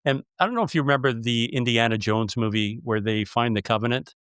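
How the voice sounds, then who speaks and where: A man's voice: mid-range voice, a little fast, fairly bright tone, clear, resonant tone, no echo, studio quality. A man hosting a casual interview, telling stories with emphasis. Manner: storytelling, emphatic. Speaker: podcast host.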